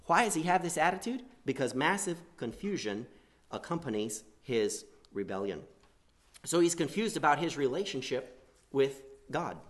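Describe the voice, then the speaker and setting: Emphatic male preacher, loud then hushed. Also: a little high, animated, moderate pace. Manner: dynamic, swings between loud emphatic lines and quiet asides; acts out quoted prayers in a pleading voice. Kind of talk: sermon.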